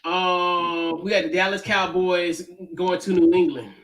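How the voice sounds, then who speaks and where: A man with a noticeably high voice hosts a laid-back sports talk show. He talks casually with plenty of fillers and moves steadily from one game pick to the next. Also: a little slow, recorded from a distance. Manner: relaxed, lots of fillers, runs through game picks. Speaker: podcast host.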